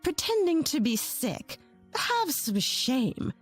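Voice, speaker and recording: A woman's voice: high-pitched, big pitch swings, slow pace, soft background music, pitched above the performer's own voice, full character voice. A woman voicing a harsh, scornful older mother-in-law who scolds and sneers.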